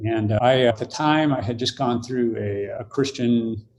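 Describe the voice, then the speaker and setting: A man's voice: medium pitch, normal speed. An older man, a podcast guest, telling a story in conversation and acting out the quoted voices.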